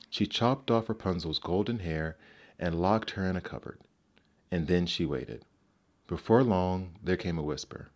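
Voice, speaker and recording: A man with a notably deep voice reads fairy tales aloud. His storybook narration is measured and gentle, kept even and unhurried throughout.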